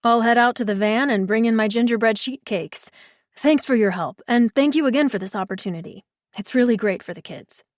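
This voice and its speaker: A man's voice: extremely high pitch, fairly quick, no room sound, studio quality. A woman voicing a friendly male baker in a storybook, talking in an earnest, grateful way. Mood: eager.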